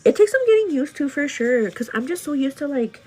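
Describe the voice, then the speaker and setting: Her voice is high and darkish in tone, very animated and a little quick, with faint music playing behind. This beauty and lifestyle vlogger chats casually during a live get-ready show, laughing often, saying "like" a lot, calling the viewer "girl," and speaking earnestly about faith and gratitude.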